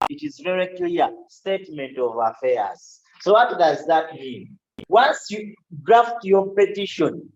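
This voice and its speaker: A man giving a law lecture to students, checking in often with "okay" and joking asides. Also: on the high side. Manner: explains slowly, with frequent "okay?" checks and asides. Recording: dull, lo-fi classroom recording.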